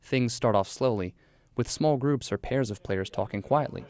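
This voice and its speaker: A man narrating a scripted radio news feature as a reporter, in a measured, even delivery. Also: medium pitch.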